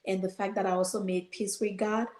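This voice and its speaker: A woman's voice: medium pitch, flat delivery, a little fast, darkish tone, roomy sound. A woman guest on a podcast, telling a personal story earnestly and animatedly, quoting her own prayers.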